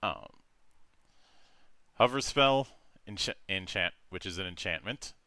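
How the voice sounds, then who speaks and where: Bright, halting man hosting a game stream. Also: low-pitched, expressive, clear, resonant tone, no room sound. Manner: halting, many fillers and restarts. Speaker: game master. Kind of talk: casual tabletop game stream.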